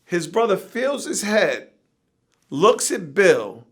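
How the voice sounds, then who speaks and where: A man with a bright, somewhat high voice tells an interview story full of swearing. His delivery jumps between excited bursts and low, weary muttering. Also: takes it slowly. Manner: animated, profane anecdote telling; shifts between energetic bursts and low tired murmurs. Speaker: interview guest.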